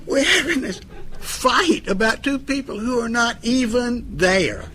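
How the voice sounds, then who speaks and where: A middle-aged man with a fairly high voice tells stories to a live audience in a folksy, joking way. He acts out both sides of a couple's arguments. A faint hiss of background noise sits under his voice. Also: pushed and bright. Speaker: speaker on addiction recovery. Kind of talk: storytelling talk to an audience.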